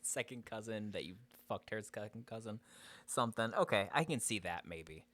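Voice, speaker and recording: A man's voice: fairly low pitch, lively intonation, moderate pace, a bit bright. A young man co-hosting a podcast in casual, crude, joking banter full of swearing. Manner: crude, swears a lot, jokey. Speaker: podcast co-host.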